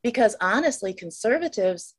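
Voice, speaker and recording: A woman's voice: mid-range voice, expressive, normal speed. A woman hosting an interview, agreeing with her guest and adding her own points enthusiastically. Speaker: host.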